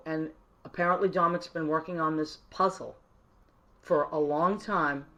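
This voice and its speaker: A woman musician hosting a live online show, chatting warmly and effusively and greeting viewers by name. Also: on the low side, fairly even intonation, a little slow. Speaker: online radio show host. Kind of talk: casual live-stream chat.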